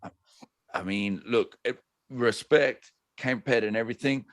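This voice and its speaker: A man's voice: mid-range voice, measured pace, dry recording. A man co-hosting a podcast, chatting in an easygoing way with lots of fillers and agreement. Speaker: podcast co-host. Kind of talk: casual chat.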